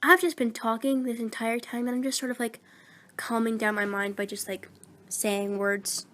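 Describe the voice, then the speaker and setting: A teenage girl chatting aimlessly into her phone mic, meandering and a little self-deprecating. Her voice sits somewhat high for a woman, and she sounds a bit under the weather. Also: fairly even intonation, normal speed, a bit bright, a little hiss or hum. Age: teens. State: sick. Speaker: voice actor vlogger. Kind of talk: casual rambling vlog.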